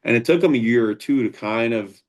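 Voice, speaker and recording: A man's voice: mid-range voice, a little fast. A man, a founder and combat sports instructor, talking as a guest in a casual interview, earnest and rambling, with frequent restarts.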